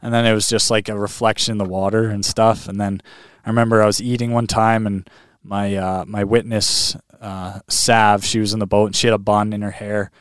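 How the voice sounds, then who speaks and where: Man, casual storyteller, smooth low voice, close dry mic. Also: a little fast, dry recording. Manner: animated, heavy on fillers like "like" and "man". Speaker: guest recounting a long lake swim.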